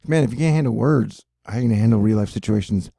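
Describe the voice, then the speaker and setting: Talking fast over weather maps, this weather and space video host rambles, curses, cracks jokes and keeps losing his thread in his own video. He has a lowish, gravelly voice that sounds warm and a little rough. The audio is clean studio quality, free of room sound.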